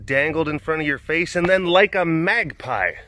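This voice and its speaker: A man hosting a casual walk-and-talk vlog outdoors on a hot afternoon, rambling along in an animated, joking way. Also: a little high, normal speed, faint music behind. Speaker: vlog host at a big cat facility.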